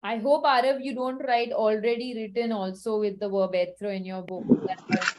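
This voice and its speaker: A woman's voice: fairly high pitch, fairly even intonation, moderate pace. A woman teaching a French lesson to children, patiently repeating each phrase with its translation and checking understanding.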